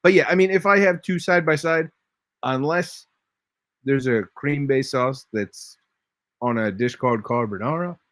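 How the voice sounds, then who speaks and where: A man's voice: mid-range voice, a little slow, fairly bright tone, no echo. A man hosting a casual live-stream chat, joking around and reading chat messages aloud. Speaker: host.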